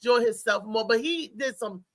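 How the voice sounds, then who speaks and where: A woman comedian telling comic stories in casual chat, animated and laughing, acting out the people in her stories. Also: on the high side, moderate pace, no echo. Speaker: stand-up comedian guest.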